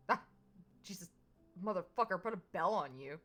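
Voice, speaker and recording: A woman's voice: on the low side, lively intonation, normal speed, pauses often, pushed and bright. A young woman streaming a dating game, reading the story text aloud between giggly, flustered outbursts and casual swearing. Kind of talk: casual gaming stream with read-aloud narration.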